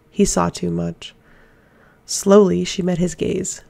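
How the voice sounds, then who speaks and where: A woman narrating a fantasy novel as an audiobook reader, in a steady, even reading voice. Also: on the low side, a little slow, gravelly.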